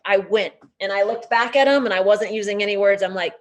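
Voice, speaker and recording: A woman nature educator giving a storytelling lecture, animated and chatty with lots of casual fillers. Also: medium pitch, fairly quick.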